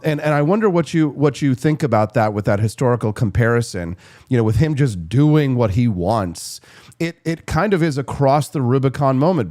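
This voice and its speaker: A man's voice: mid-range voice, a little mellow, no echo, studio quality. A man hosting an interview show, talking emphatically and often restarting his sentences. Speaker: show host. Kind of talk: interview conversation.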